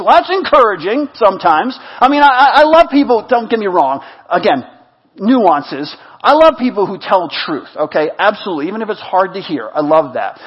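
A male pastor preaching a sermon, swinging between loud exhortation and hushed, intimate repetition. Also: high-pitched, big pitch swings, moderate pace, slightly rough, dull audio.

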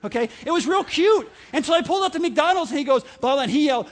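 High-voiced man preaching a funny story. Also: fast. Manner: animated storytelling, laughs at own jokes, mimics voices. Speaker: pastor. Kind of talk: humorous sermon.

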